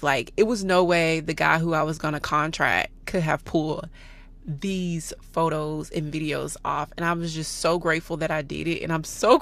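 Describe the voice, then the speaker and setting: A woman's voice: low voice, a bit bright. A woman in her forties from Texas, talking to her viewers in a chatty, candid vlog and calling them y'all. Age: 40s. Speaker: vlogger. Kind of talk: casual vlog chat.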